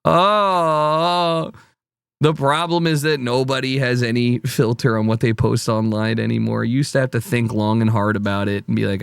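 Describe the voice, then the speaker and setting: A man's voice: mid-range voice, steady tone, normal speed, creaky, clean tone, no room sound. A man streaming casual reaction commentary, rambling and swearing with a wry, offhand manner.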